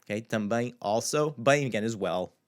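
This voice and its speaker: A man teaching a language lesson in a loose, conversational way, with filler words, who slowly repeats words to show how they are pronounced. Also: medium pitch, animated. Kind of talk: casual video lesson.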